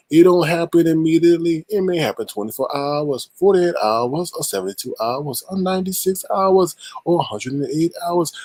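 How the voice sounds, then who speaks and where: A man with a fairly high voice, talking in as he hosts a live stream. He teases his audience and boasts, often stretching a word into a loud, drawn-out shout. The sound is close and dry, with no room around it. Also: no room sound. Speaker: livestream host. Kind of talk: casual live-stream chat.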